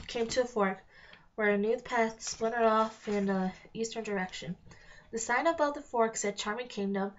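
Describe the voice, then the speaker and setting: A woman reads a children's storybook aloud at a steady pace, now and then stumbling and starting a phrase over. Her voice sits a little high, and the recording sounds dull and lo-fi. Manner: reads aloud with small slips and restarts. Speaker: reader. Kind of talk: read-along of a children's novel.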